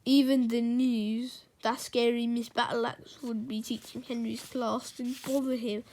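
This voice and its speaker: A woman reading a children's storybook aloud, in a gentle read-aloud manner. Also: a little high, level tone, unhurried.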